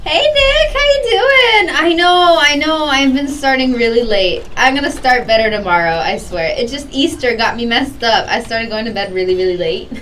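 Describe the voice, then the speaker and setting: A woman's voice: on the high side, normal speed, few pauses, a bit bright, recorded from a distance, a little hiss or hum, poor audio. A young woman streaming a game, chatting casually and greeting her viewers by name with lots of giggles. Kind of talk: casual live-stream chat while gaming.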